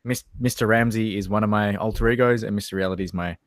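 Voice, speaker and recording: A man's voice: fairly low pitch, fairly even intonation, quick pace, no room sound, clean studio sound. A man, a guest on a livestream, joking and playful in casual chat.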